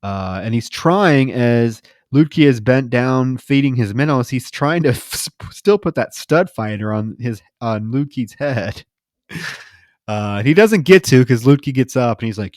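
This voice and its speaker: A man's voice: medium pitch, expressive, a little slow, no echo, studio quality. A man co-hosting a podcast, recapping a film in casual, profane, wry storytelling and acting out its characters' lines. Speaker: podcast co-host. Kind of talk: casual movie recap chat.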